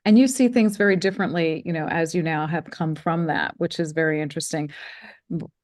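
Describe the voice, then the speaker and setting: Soft-spoken American woman interviewer. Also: low-pitched, fairly quick. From United States. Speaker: interview host. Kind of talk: spiritual podcast interview.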